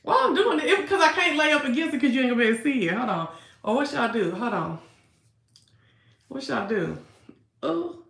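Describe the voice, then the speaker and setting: A woman in her thirties chats on a home livestream, reading out and answering her viewers' comments. Her voice sits a little high, and her laughter comes easily. The room adds a clear echo around her. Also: expressive, a little fast, pauses often, fairly bright tone. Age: 30s. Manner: chatty, laughing, talking back to chat. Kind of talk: casual livestream chat with viewers. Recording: echoey room.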